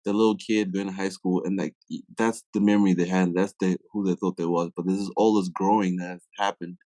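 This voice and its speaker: A man's voice: low-pitched, flat delivery, fairly quick, warm tone, no room sound. A young man from Africa, a podcast guest, telling a story in a casual way. He acts out quoted dialogue and often uses "like" as a filler.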